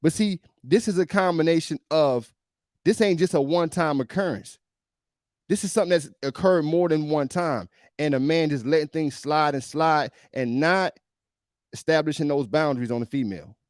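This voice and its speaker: A man's voice: fairly high pitch, moderate pace, darkish tone, no echo, clean studio sound. Preachy man commenting on a clip. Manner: emphatic, preachy, repetitive. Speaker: podcast host. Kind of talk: reaction commentary.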